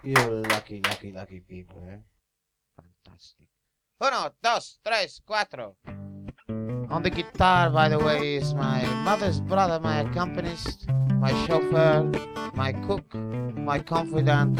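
A man's voice: on the high side, animated, unhurried. A man playing a flamboyant, self-important Latin lover crooner in a comedy character act, talking with showman patter over a guitar. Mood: grandiose.

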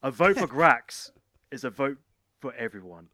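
A man's voice: mid-range voice, very animated, moderate pace, crowd noise. Playful man bantering on a podcast. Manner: playful, mock-campaigning. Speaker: podcast co-host.

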